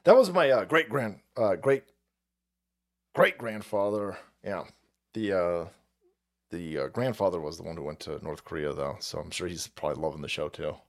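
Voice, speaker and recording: A man's voice: low-pitched, animated, moderate pace. A man hosting a livestream, thanking chat by name and ranting in a foul-mouthed, mocking way, laughing often. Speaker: livestream host reading chat.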